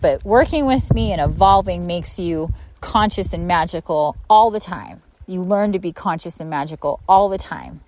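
A woman hosting an impromptu solo podcast as a spiritual coach, talking candidly and bluntly, swearing and laughing often, and now and then mimicking people in a high mocking voice. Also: lively intonation, moderate pace, hardly any pauses, a little mellow, a little hiss or hum, low-quality recording. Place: outdoors by a pond at her home.

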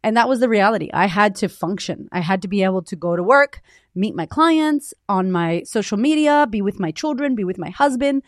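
A woman in her thirties, a podcast host and coach, giving a candid, high-energy motivational talk full of swearing. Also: animated, fairly quick, no echo, studio quality.

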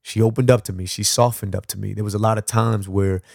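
A man hosting a podcast, telling a personal story with animated, acted-out dialogue and frequent laughs. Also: fairly low pitch, fast, creaky, no echo, studio quality. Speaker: podcast host.

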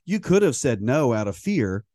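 A man's voice: medium pitch, sing-song, moderate pace, warm tone, dry recording, studio quality. A middle-aged man co-hosting a podcast, talking in a chatty, joking way. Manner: chatty and joking, with frequent restarts and laughs. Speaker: podcast co-host. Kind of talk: casual conversational podcast chat.

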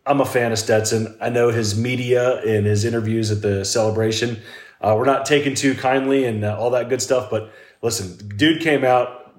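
A male co-host in a relaxed roundtable, joking with his friends in a dry, wry way. His voice sits at a middle pitch. The room gives his voice an audible echo. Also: moderate pace. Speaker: podcast co-host. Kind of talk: casual roundtable chat. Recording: echoey room.

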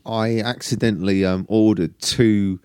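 Slow, lively-pitched man on a dry mic. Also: clean tone, no room sound. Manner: hesitant, dry, lots of ums. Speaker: podcast co-host. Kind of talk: casual podcast chat.

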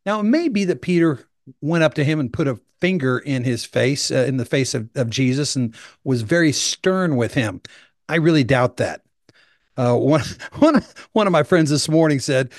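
A man's voice: medium pitch, expressive, moderate pace, no echo, clean studio sound. A male pastor giving an enthusiastic, conversational sermon, explaining things in a chatty way.

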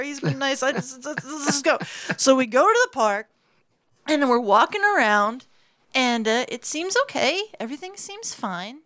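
A young woman telling a dating story as a podcast guest, animated and full of fillers, with plenty of swearing. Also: a little high, moderate pace. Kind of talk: casual storytelling. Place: studio.

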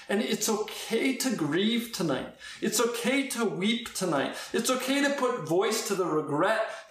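A man's voice: high-pitched, a bit bright. A man preaching a conversational sermon, acting out quoted exchanges as he goes. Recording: very roomy, echoey sound.

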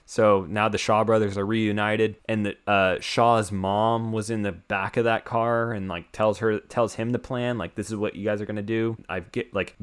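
A young American man hosts a casual chat, recapping a film in a rambling way with lots of "like" and frequent restarts. His voice sits on the low side and has a clean tone.

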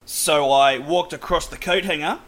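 An Australian man from New South Wales, interviewing in a relaxed chat with plenty of hesitant fillers. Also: on the high side, normal speed. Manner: easygoing, hesitant with many "uh" fillers. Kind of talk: casual chat.

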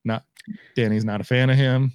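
A man's voice: medium pitch, moderate pace, clear, resonant tone, no room sound. A man co-hosting a podcast from home, talking casually and acting out his reactions. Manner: animated, acts out reactions in quotes. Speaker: podcast co-host. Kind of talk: casual chat. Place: home, remote recording.

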